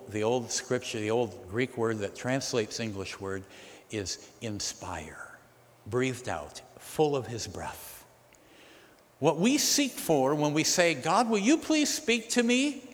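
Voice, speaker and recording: A male pastor preaches with a lively, swinging delivery, his pitch rising and dropping sharply for emphasis. He keeps turning to his listeners with questions. His voice rings out with the long reverb of a big hall. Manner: animated, asks the congregation questions. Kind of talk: sermon.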